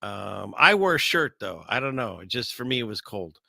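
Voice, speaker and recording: A man's voice: fairly low pitch, big pitch swings, moderate pace, vocal fry, bright, forceful tone, dry recording, clean studio sound. A man hosting a casual livestream, rambling through news stories with jokes and chatting with viewers. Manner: rambling, jokey, reads chat aloud. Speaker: online show host.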